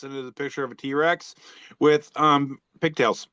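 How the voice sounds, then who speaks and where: A man on a casual podcast, joking his way through posts, with plenty of fillers and restarts. His voice sits a little high. The recording is dry and a bit dull, like a home setup. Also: fairly even intonation, unhurried, a bit bright, smooth, no echo. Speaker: podcast co-host reading social media posts. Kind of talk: casual chat.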